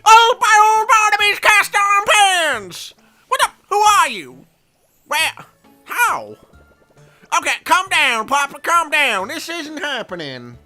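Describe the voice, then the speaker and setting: A man voicing a flustered, excitable old male baker with a folksy drawl in a game playthrough. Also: extremely high pitch, slow, faint music behind, voice pushed up, exaggerated voice. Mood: panicked. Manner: folksy drawl, frantic and loud.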